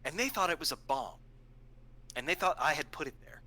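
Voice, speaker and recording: A young man with a very bright, forceful voice tells a story in a casual way. He is animated and jumps up in pitch when he acts out what people said. The tone stays loose and chatty. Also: a little fast, poor audio. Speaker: stream co-host.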